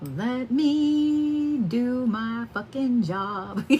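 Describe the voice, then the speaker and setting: A middle-aged woman with a fairly high voice hosts a live stream as a psychic card reader, with a slight hiss or hum in the audio. She chats casually with viewers, rambling along and swearing freely.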